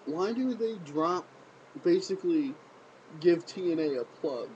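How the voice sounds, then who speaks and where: A man rants through a casual wrestling review in a slightly high, mellow voice, firing off sarcastic rhetorical questions and repeating his points. The recording is a bit muffled, with a faint hiss. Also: expressive, unhurried. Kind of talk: casual solo video review.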